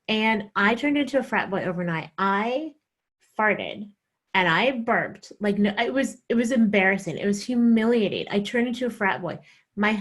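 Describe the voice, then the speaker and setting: Comedian, woman from the South, lively stand-up storyteller who plays out each quoted voice. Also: mid-range voice. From American South. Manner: animated, acts out quoted voices.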